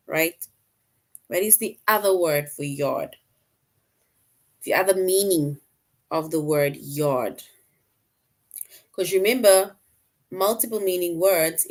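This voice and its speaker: A woman teacher explaining a lesson patiently to her class online, often checking in with "right?". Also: deep voice.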